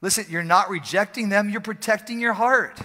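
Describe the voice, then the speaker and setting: A male pastor preaching an energetic, joking, conversational sermon in a church service, often repeating phrases for emphasis. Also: high-pitched, moderate pace. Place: church sanctuary during a service. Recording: long hall reverb from a church.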